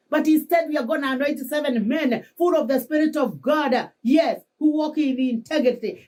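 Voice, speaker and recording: A Kenyan woman pastor preaches with fervor, her fairly high voice rising into shouts to drive her points home. She weaves English together with Kikuyu and Swahili phrases, and she is caught from a distance, set back from the mic. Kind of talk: sermon.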